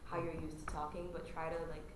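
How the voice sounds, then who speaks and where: A woman's voice: low voice, level tone, fairly quick. A woman student giving constructive, thoughtful feedback to a classmate. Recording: distant, echoey classroom with noise.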